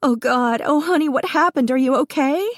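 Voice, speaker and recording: Narrator doing a panicky mother, shaky and high, mellow tone. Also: slow, husky, no echo, studio quality, heavily acted. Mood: panicked. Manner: shaky, urgent, high-pitched. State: shaking with fear. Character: terrified young mother comforting her son.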